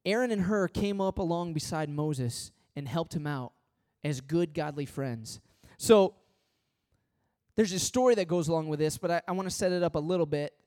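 Middle-aged pastor, chatty sermon, leans on repeats, kinda higher voice for a guy. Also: moderate pace, a little mellow. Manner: emphatic, repetitive, anecdotal, talks straight to the congregation. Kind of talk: conversational sermon.

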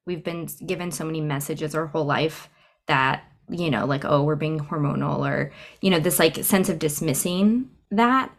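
A woman's voice: deep voice, moderate pace. A woman speaking as a podcast guest, talking things through in a reflective, conversational way with frequent fillers. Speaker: podcast guest, cycle syncing coach. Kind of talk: casual interview conversation.

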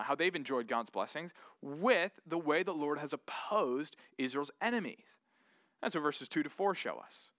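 Earnest, bright-voiced male preacher. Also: a little high, no room sound, clean studio sound. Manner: earnest, animated, acts out doubting voices. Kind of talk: sermon.

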